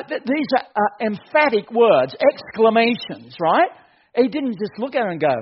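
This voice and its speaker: Animated preacher man, muffled recording. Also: extremely high pitch, moderate pace, slightly rough. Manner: animated, joking, builds to excited shouts. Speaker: pastor. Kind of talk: sermon.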